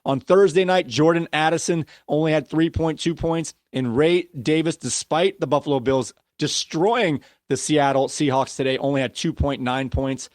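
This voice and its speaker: A man's voice: fairly high pitch, fairly even intonation, moderate pace, hardly any pauses, dry recording, clean studio sound. A man hosting a casual fantasy football podcast, ranting and laughing at himself as he runs through player stats. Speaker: podcast host.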